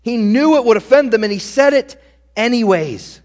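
A man's voice: very high voice, animated, normal speed, a little mellow. A man preaching a sermon as pastor, earnest and direct, speaking straight to his listeners. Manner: earnest, direct, addresses the congregation. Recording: long hall reverb.

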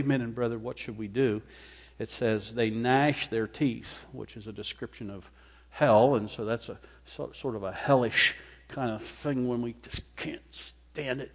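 A man preaching a sermon, mid-pitched, in a space with long reverb. He reads scripture and explains it. His voice climbs into forceful, emphatic stretches, then sinks to a quiet, low murmur. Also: husky. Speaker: pastor. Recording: hall reverb.

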